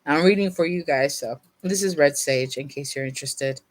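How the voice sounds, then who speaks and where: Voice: medium pitch, moderate pace. A tarot reader doing a casual reading to camera, yawning and sleepy, rambling with fillers and small laughs, and sometimes reading card meanings aloud from a guidebook.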